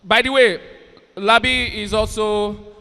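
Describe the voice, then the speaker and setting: A man's voice: high-pitched, fairly even intonation, slow, pushed and bright, clean tone. A man working as a comedian and event MC, teasing the audience and hyping up the crowd on stage. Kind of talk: stand-up banter and stage hosting. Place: large university event hall on stage. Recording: long hall reverb over a PA.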